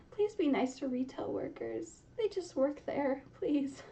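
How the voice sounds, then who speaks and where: A woman's voice: sits high, lively intonation, a little slow, few pauses, dull audio. A young woman hosting a casual book reaction, chatty and giggly, often laughing mid-sentence. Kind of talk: casual reading reaction chat.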